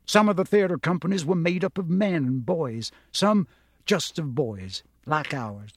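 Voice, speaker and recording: A man's voice: a little high, no echo, studio quality. A man narrating a novel aloud, shifting his voice up for the characters he quotes. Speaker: audiobook narrator.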